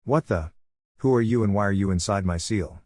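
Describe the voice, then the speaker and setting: A man's voice: on the low side, brisk, darkish tone, no echo, studio quality, lightly acted. Naruto, a man reading as a brash young ninja. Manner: eager, stammering when moved.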